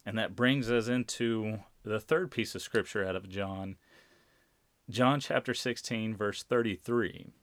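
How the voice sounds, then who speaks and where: A man preaches a sermon, unhurried and deliberate, leaning on repeated phrases for emphasis. His voice sits a little low, and he takes his time over every line. The sound is dry and close, with no room around it. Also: fairly bright tone, dry recording. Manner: slow, deliberate, emphatic repetition.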